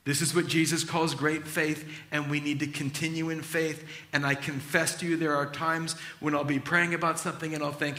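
A man preaching a sermon as pastor, acting out Bible scenes in an animated, storytelling way. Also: fairly high pitch, fairly quick, echoey room.

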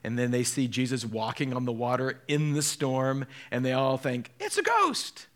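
A man preaching to his church, retelling scenes from the gospels and going from a soft, slow tone to loud, lively bursts. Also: mid-range voice. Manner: dramatic, quick shifts between soft and loud, voices the figures he quotes. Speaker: pastor. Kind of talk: sermon.

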